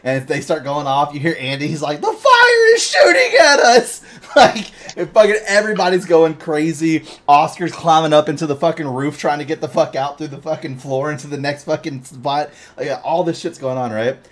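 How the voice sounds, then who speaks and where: A man co-hosting a podcast in casual chat, retelling a story in an animated way, swearing constantly and laughing often. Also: fairly high pitch, a little fast, hardly any pauses, slight background noise. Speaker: podcast co-host.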